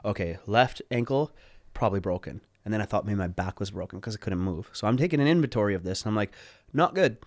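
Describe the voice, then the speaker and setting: A man with a low voice tells a story as a podcast guest, casual and animated, and he swears freely. He acts out what people said. The sound is dry and close. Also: quick pace, no echo.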